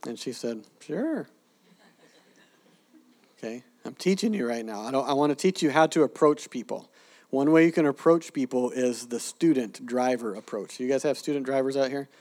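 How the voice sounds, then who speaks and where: Man preacher teaching with lively stories, mid-pitched voice, acts out quotes. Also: fairly quick. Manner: animated storyteller, acts out quoted people. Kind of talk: sermon-style teaching with stories.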